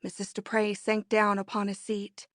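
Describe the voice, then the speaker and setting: A woman narrating a classic romance novel as an audiobook in a measured storytelling manner. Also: mid-range voice, monotone, no room sound, studio quality. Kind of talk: scripted narration.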